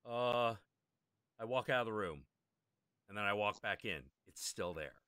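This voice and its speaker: Animated man telling a story. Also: lowish voice, measured pace, smooth, dry recording, studio quality. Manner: animated, acts out quoted characters. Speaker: stream host telling a story. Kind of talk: casual storytelling chat.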